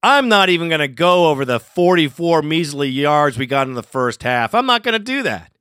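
On his sports fan podcast, a man launches into an angry postgame rant, profane and enraged, cursing nonstop. His pitch is fairly high and his tone fairly bright, recorded clean in a studio with no room sound.

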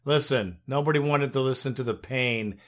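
A man's voice: medium pitch, normal speed. A man hosting a sports call-in podcast, easygoing and chuckling between thoughts. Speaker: podcast host. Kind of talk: casual sports talk hosting.

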